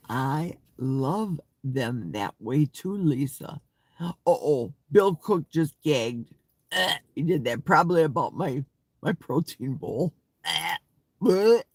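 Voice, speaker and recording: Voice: mid-range voice, a little mellow, breathy edge, no room sound. An older host chatting playfully on a live stream, reading viewer comments aloud with gasps and sing-song asides. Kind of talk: casual live chat.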